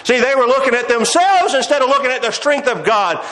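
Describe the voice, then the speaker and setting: A man's voice: very high-pitched, animated, fairly quick, a bit bright, reverberant, low-quality recording. A man preaching a sermon, quoting old-fashioned scripture and calling his listeners "my friends.". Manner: reads scripture in old-fashioned King James phrasing, addresses listeners as "my friends".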